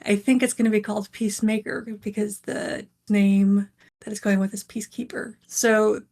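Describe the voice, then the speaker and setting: A woman author talking as a podcast guest in relaxed casual chat. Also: medium pitch, normal speed, creaky.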